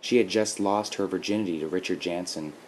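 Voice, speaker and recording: A man narrating a short story in a steady, measured reading style, with faint background noise. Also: low voice, poor audio. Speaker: podcast host and story reader.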